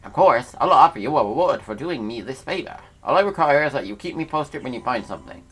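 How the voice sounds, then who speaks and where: A man's voice: medium pitch, animated, fast, fairly bright tone, breathy edge, faint music behind, voice pushed up. A man voicing a fussy male alien treasure appraiser with a put-on accent, speaking formally and politely. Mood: courteous.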